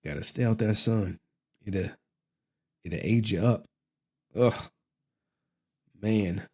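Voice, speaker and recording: A man's voice: on the low side, takes it slowly. A man hosting a livestream, casual slangy commentary with frequent laughter. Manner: slangy, loose, laughs often. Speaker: livestream host.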